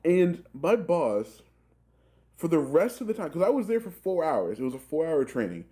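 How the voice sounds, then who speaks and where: A young man in his twenties telling a rambling, profane work story in a casual, animated way, full of filler words. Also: on the high side, normal speed. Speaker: gaming channel host telling a story.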